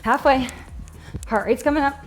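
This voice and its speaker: A woman's voice: sits high, moderate pace. A woman leading a workout as fitness instructor, upbeat and encouraging, counting reps and getting out of breath. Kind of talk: live workout coaching.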